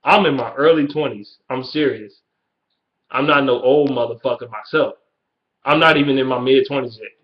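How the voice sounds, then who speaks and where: A man's voice: medium pitch, moderate pace. Ranting young man with a Detroit accent. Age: early 20s. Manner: blunt, heated, swears constantly. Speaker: YouTuber. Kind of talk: profane casual rant. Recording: dull lo-fi webcam audio.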